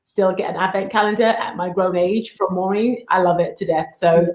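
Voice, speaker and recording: A woman's voice: lowish voice, steady tone, normal speed, darkish tone. A woman co-hosting a podcast, chatting casually and animatedly with playful teasing. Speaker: podcast co-host. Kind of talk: casual chat. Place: home in the States. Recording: roomy echo.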